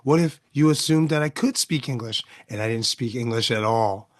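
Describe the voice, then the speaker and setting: A man's voice: mid-range voice, normal speed. Man musing aloud in a casual monologue. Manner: conversational, rhetorical questions, frequent "right?". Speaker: podcast host.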